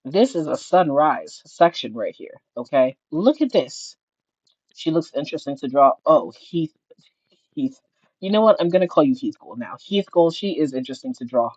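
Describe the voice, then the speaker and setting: A streamer giving casual reaction commentary, mocking and animated, laughing often and shrieking at times. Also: mid-range voice, normal speed, husky, dry recording, highs cut off.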